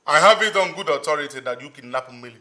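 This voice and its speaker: A man's voice: on the high side, expressive, quick pace, pushed and bright, a little hiss or hum. An actor with a Nigerian accent playing a young man who firmly confronts and threatens a woman. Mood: confrontational. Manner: firm, demanding.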